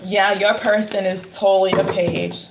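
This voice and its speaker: A woman's voice: mid-range voice, fairly even intonation, normal speed. A woman giving a casual tarot reading, chatting and laughing often between remarks. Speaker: tarot reader. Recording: noticeable background noise.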